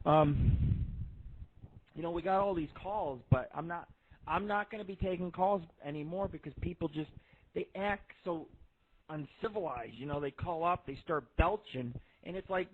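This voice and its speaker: A man's voice: a little high, expressive, moderate pace, breathy edge. A man in his thirties hosting a radio show, telling rambling, profane stories in a casual monologue. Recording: tinny phone-like line.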